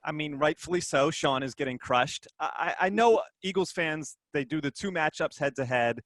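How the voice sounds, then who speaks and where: A man on a sports podcast giving a measured, reasoned opinion. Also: fairly high pitch, a bit bright, no echo. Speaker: podcast guest. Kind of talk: casual podcast chat.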